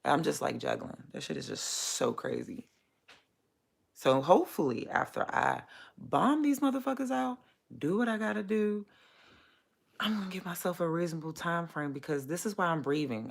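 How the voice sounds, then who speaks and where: Speaking directly to her camera, a vlogger who owns a small business vents about her busy life in a loose, casual video. Her lowish, gravelly voice is heavy with vocal fry and expressive at a moderate pace, and she's blunt, swears freely, and rambles from thought to thought.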